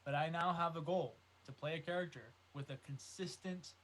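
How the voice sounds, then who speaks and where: A man's voice: on the high side, moderate pace, fairly bright tone, poor audio. A man co-hosting a casual podcast, telling stories with animation. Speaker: podcast co-host. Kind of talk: casual chat.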